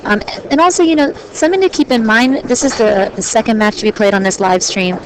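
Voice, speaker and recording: A woman's voice: on the high side, brisk. A woman giving chatty, lighthearted play-by-play commentary on a pool match, with plenty of ums. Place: pool hall. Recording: noisy live-stream audio.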